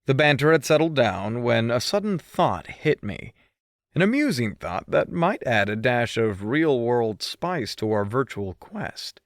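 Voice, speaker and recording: A man's voice: medium pitch, very animated, a little slow, dry recording, studio quality. A male audiobook narrator reading a first-person story with a mischievous, teasing manner.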